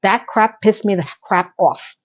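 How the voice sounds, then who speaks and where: A woman recapping a TV episode in an animated, exasperated rant, sarcastic and talking straight to her viewers, a little hoarse from losing her voice. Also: mid-range voice, a little slow, dull audio. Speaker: TV recap vlogger.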